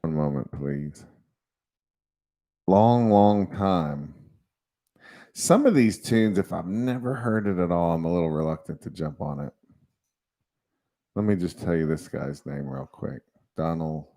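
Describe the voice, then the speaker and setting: A man's voice: low-pitched, animated, measured pace, pauses often, dark tone. A man hosting a casual livestream, rambling and chatty and often laughing as he talks. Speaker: livestream host.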